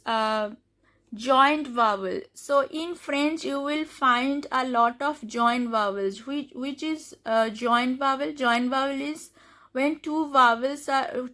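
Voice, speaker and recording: A woman with an Indian accent gives a spoken lesson, saying each example word twice. Her voice is high and bright. She talks slowly, with many fillers and restarts. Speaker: French teacher.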